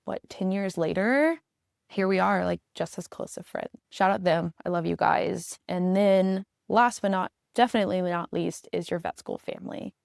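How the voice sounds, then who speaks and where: Earnest young woman with gravelly fry. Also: on the low side, normal speed, a little mellow, dry recording, clean studio sound. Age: young adult. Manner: heartfelt, earnest, emotional storytelling. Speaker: podcast host, veterinary student. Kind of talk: casual solo podcast talk.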